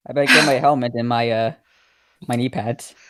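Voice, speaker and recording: A man in casual chat with friends, talking in an excitable, jumpy way. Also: medium pitch, fairly quick, background noise. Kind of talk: casual joking chat over a voice call.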